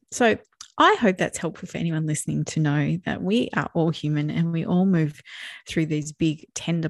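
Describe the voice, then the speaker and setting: A woman's voice: on the low side, no echo, studio quality. A middle-aged woman, co-hosting a podcast and talking candidly and reflectively about her feelings. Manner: warm, reflective, open about feelings, laughs often. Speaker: podcast co-host. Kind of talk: casual chat.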